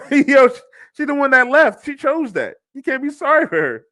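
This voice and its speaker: Blunt high-voiced male commentator. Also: lively intonation, normal speed, fairly bright tone. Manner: blunt, mocking, laughs often. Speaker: podcast host. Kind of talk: reaction commentary.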